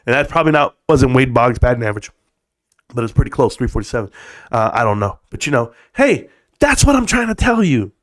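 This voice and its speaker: A man's voice: medium pitch, big pitch swings, brisk. A man hosting a casual live stream, rambling and joking in profane rants aimed at his viewers. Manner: addresses viewers as bro.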